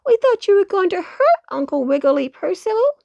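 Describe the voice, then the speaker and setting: A woman voicing a flustered young hen who cries out in high, breathless exclamations. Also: big pitch swings, fairly quick, vocal fry, darkish tone, dry recording, muffled recording, exaggerated voice.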